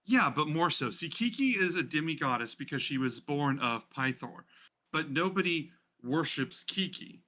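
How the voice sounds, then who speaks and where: A man's voice: on the high side, animated, moderate pace, bright, forceful tone. A man running a tabletop role-playing game, narrating in a chatty way with many fillers. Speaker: game master.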